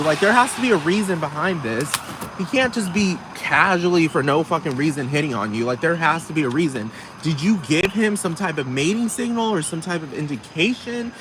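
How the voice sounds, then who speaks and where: A man ranting casually in a profane, gossipy, animated way. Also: a little high, brisk. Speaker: vlogger. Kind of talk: casual rant to camera. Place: city street outdoors. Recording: noisy outdoor street recording.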